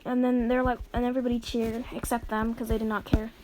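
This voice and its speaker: A woman with a fairly high voice narrates a made-up story in loose, casual talk. She rambles, stumbles, and corrects herself as she goes. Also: flat delivery, quick pace, background noise. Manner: rambling, many fillers and self-corrections. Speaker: fan storyteller.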